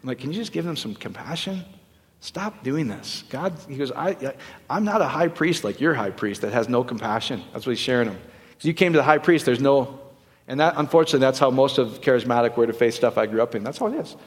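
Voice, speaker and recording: A male pastor preaching a sermon in a loose, joking style, full of quick asides and questions to the congregation. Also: medium pitch, expressive. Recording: long reverb of a church hall.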